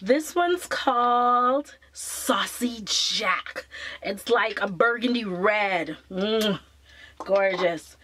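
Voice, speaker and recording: Woman, chatty beauty vlogger, enthusiastic, talks to viewers, fairly high voice, dry close sound. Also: animated, slow pace, a bit bright, dry recording. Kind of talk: casual haul video.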